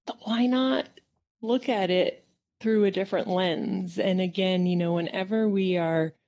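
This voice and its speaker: A woman's voice: mid-range voice, a little slow, a little mellow. A woman acupuncturist in casual conversation, reflective and upbeat, often laughing as she talks.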